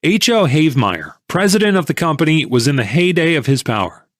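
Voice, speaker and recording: A man narrating an audiobook in first person, measured and conversational. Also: on the high side, sing-song, dry recording, studio quality.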